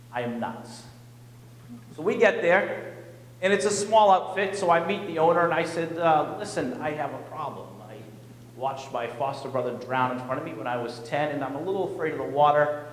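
A male pastor telling a personal story in an animated, self-mocking way during a sermon in a church. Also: high-pitched. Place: church sanctuary. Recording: echoey church hall.

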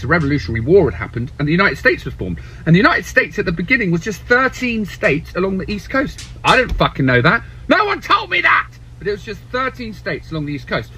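A man retelling history in an animated comic way, swearing and putting on voices. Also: sits high, husky. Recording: dull lo-fi sound.

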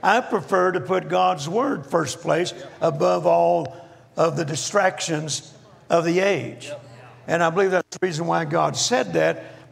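An older man preaching a folksy, jokey sermon as guest minister in a church, slowing down to stress points. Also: fairly high pitch, creaky. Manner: folksy, jokey, slows down for emphasis. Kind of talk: humorous storytelling sermon. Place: church auditorium. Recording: reverberant church hall.

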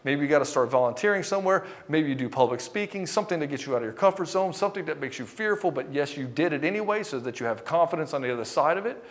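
A man's voice: a little high, expressive, fast talker, few pauses. A man giving a motivational coaching talk to husbands, blunt and emphatic with plenty of swearing, sometimes acting out quoted lines of dialogue. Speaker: relationship coach.

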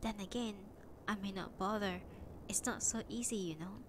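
A woman reading a story aloud, voicing a modest, hesitant young male songwriter in a plain, low-key way. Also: steady tone, moderate pace, background noise, close to an everyday voice. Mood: quiet.

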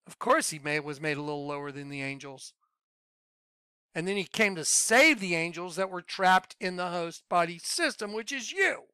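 A man giving an informal Bible teaching, emphatic, quizzing the listener with yes-or-no questions and swinging between loud outbursts and muttered asides. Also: high voice, unhurried, smooth, no room sound. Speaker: self-styled Bible teacher.

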